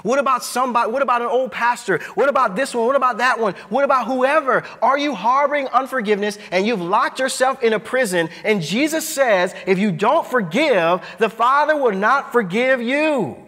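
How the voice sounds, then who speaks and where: A man preaching a sermon as pastor, emphatic and driving, his voice swinging high and low. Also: animated, normal speed, few pauses, bright, forceful tone, long reverb tail. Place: church sanctuary.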